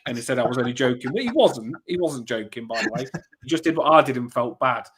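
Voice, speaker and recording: A man with a stuffy cold co-hosting a casual fan podcast, excitable and teasing. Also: medium pitch, fast talker, husky. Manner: excitable, laughing, teasing banter. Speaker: podcast co-host.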